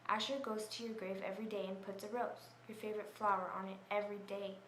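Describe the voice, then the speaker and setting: A woman's voice: mid-range voice, little pitch movement, quick pace, a bit bright. A woman telling a story in a somber, earnest voice, correcting herself now and then. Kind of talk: earnest home-video narration. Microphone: camera mic. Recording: echoey room, faint hum.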